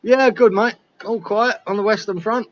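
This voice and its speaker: A man's voice: high-pitched, moderate pace, highs cut off, a crowd in the background. A man chatting with strangers on a casual video call, laid-back and bantering.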